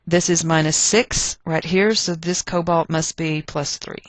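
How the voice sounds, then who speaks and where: A woman's voice: deep voice, fairly even intonation, a little slow, no room sound. A woman teaching a chemistry lesson, chatty and thinking aloud as she works through problems. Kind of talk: recorded chemistry lecture.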